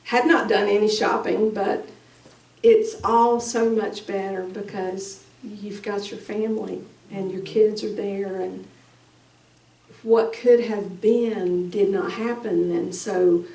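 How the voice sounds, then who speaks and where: A middle-aged woman giving a halting, emotional personal testimony as a bereaved mother at a conference. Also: medium pitch, fairly even intonation, creaky, darkish tone. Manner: slow, halting, emotional storytelling. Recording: echoey room, distant mic.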